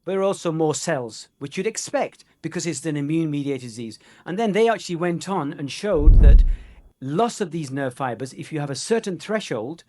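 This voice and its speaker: A man's voice: on the high side, lively intonation, moderate pace, mellow. A man giving a conversational, joking medical conference lecture, with many fillers. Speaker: conference speaker.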